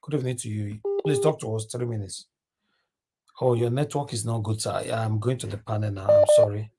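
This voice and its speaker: A man's voice: on the low side, steady tone, a little fast. A man hosting a call-in talk show, courteously thanking and introducing callers. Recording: noisy line.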